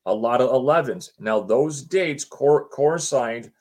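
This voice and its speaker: A man's voice: mid-range voice, animated, measured pace, darkish tone. A middle-aged man telling a personal story as a guest, retelling the conversations line by line and acting out what people said to him. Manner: chatty, often says "she goes" and restarts his sentences. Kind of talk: casual spoken anecdote.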